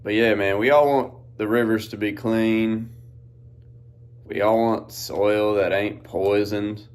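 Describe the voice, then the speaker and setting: Out in the farm fields, this podcast host speaks slowly in a low-leaning voice with fairly even intonation. It's a relaxed, meandering monologue peppered with folksy slang.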